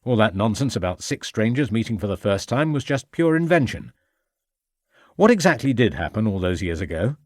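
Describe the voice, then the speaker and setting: A man's voice: lowish voice, very animated, moderate pace, dry recording, studio quality. A man voicing a firm police inspector who presses his questions and gives orders in an audiobook. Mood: pressing. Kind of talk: audiobook character voice.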